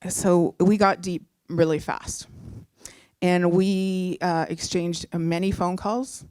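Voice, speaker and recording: Middle-aged woman telling a lively story. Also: fairly low pitch, takes it slowly, dry recording. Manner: animated, chatty, with many fillers and restarts. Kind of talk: personal storytelling on a live show.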